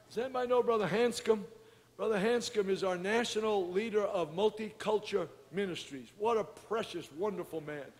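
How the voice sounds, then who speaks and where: A man preaching a sermon as pastor, moving between quiet storytelling and shouted exhortation. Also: sits high, long reverb tail.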